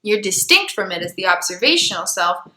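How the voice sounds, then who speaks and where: A woman of medium pitch talks through an idea like a relaxed teacher, sprinkling in "like" and "right?" and laughing now and then. Her voice is bright and forward. The room around her has a noticeable echo. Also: a little fast. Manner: chatty, with frequent "like", "right?" and "okay?"; laughs while explaining. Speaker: self-help psychology educator. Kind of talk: casual explanatory talk to camera.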